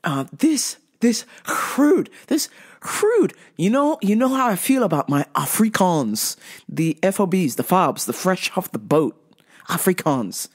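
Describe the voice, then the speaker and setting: Animated woman telling a funny story. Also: on the low side, measured pace, husky. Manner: animated, laughing, blunt and profane. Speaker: host. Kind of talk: comic storytelling.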